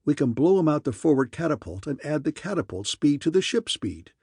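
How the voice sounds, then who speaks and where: Brief: officer struck by a sudden plan, brisk, read by a man, mellow tone. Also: a little high, sing-song, slightly rough, no room sound, studio quality, voice pushed up, full character voice. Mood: eager.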